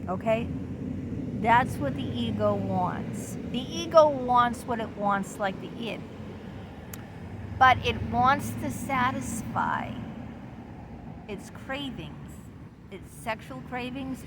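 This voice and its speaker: A woman's voice: on the high side, background noise. A woman psychology teacher explaining a theory in a casual, playful way, repeating and restarting. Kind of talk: casual lesson.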